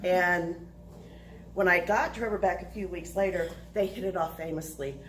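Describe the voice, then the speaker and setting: A woman telling a personal story to listeners, animated and laughing through the funny parts. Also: on the low side, normal speed, slight background noise, low-quality recording.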